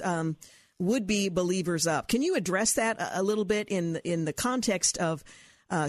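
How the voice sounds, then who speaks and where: A woman hosting an interview show, asking measured, slightly halting questions. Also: lowish voice. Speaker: radio host.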